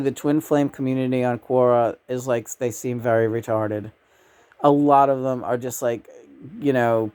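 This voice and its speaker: A woman's voice: rumbling low, darkish tone. A woman vlogger rambling in a casual spiritual monologue, with fillers and frank asides.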